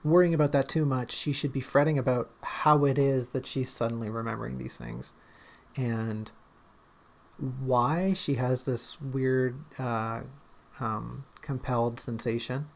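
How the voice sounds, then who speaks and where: A man's voice: medium pitch, steady tone, unhurried, gravelly. A man talking casually on a livestream about his writing draft, thinking aloud with lots of fillers and restarts. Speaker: writer discussing his draft on stream.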